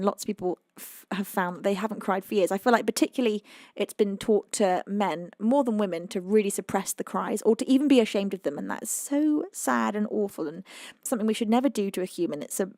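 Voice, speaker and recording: A chatty woman from the UK talks loosely to her live-stream audience, full of ums and little laughs. Her voice sits at an ordinary middle pitch. The mic is close and dry, with no room sound. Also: darkish tone, no echo. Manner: chatty, reads chat aloud, many fillers, laughs often. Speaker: singer-songwriter streamer. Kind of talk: casual live-stream chat.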